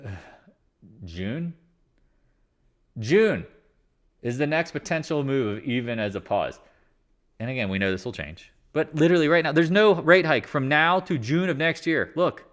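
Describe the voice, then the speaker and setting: A man with a voice on the high side and a fairly bright tone talks a little fast while hosting a live market stream from the home office in his living room. He rants sarcastically and mocks others using put-on voices.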